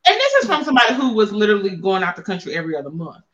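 A woman host talks through her days in casual chat, blunt and playful with salty slang. Her voice is bright and forceful. The recording sounds a bit dull and lo-fi. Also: medium pitch, huge pitch swings, racing. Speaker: podcast host and wellness coach.

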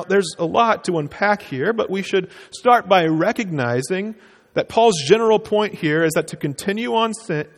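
A man with a high voice preaches a sermon in an earnest, explanatory way, and he lifts his voice to stress key phrases. His words trail into a long reverb from the hall around him. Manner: earnest, explanatory, with emphatic rises on quoted words. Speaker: pastor.

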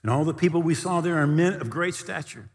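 Male pastor, sermon, lively storytelling with a raised voice, lightly high, long hall reverb. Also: fairly quick. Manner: animated storytelling, shouting quoted lines.

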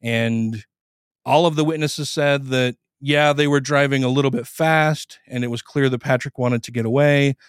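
Smooth-voiced man casually retelling a story. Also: mid-range voice, fairly even intonation, moderate pace, no echo, studio quality. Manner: conversational, profane, acts out quoted lines. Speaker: podcast host. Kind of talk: casual retelling of a court case.

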